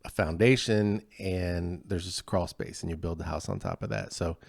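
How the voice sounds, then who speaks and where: Low-voiced man co-hosting a podcast. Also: normal speed, gravelly, no echo, studio quality. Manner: relaxed, explanatory and self-deprecating. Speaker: podcast co-host. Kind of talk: casual chat.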